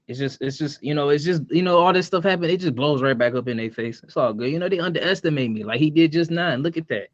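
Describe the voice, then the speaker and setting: Male podcast co-host, cocky playful trash talk, slightly high voice, dull audio. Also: quick pace, few pauses. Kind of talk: casual podcast banter. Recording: dull lo-fi sound.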